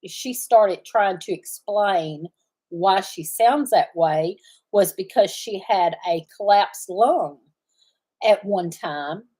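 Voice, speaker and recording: A middle-aged woman with a drawl talks casually to her livestream viewers from the farm. Her speech rambles from thought to thought, with frequent pauses while she searches for a word. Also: medium pitch, warm tone. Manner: rambling, often searching for words. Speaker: farm channel host.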